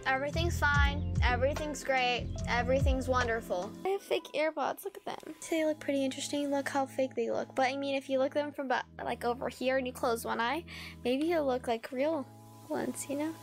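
A young woman from California chatting casually on a solo livestream, rambling and deadpan with self-mocking asides. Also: high-pitched, fairly quick, creaky. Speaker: streamer. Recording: music playing behind.

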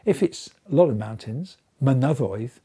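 Older male craftsman, low dark gravelly voice, thoughtful explainer. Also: lively intonation, normal speed. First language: English. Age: 70s. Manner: thoughtful, explanatory, with small restarts and soft asides. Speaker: letter carver. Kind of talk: documentary interview.

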